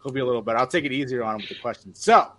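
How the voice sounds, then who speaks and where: A man's voice: medium pitch, expressive, very fast, bright, forceful tone, slight background noise. A young man co-hosting a casual podcast and running a trivia segment, upbeat and rambling with restarts. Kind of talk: casual chat, quizmaster.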